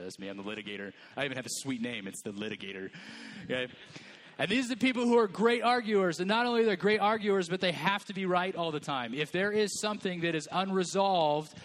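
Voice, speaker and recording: A man's voice: high voice, a bit bright. A man preaching a sermon in a church, conversational and joking, acting out people's voices. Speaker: pastor.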